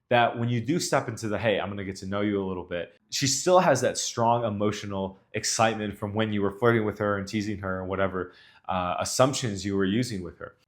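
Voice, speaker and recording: A man with a lowish voice coaches viewers on dating. He talks in an easy, casual way, laying out his points step by step. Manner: casual, coaching, explains calmly. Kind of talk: instructional talk to camera.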